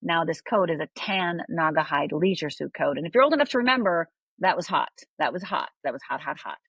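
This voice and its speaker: A woman's voice: low-pitched, expressive, brisk, fairly bright tone, slightly rough, no echo, poor audio. An older woman from Upper Michigan, a podcast guest telling a personal story candidly and often asking "right?". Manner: candid, confiding, checks in with tag questions.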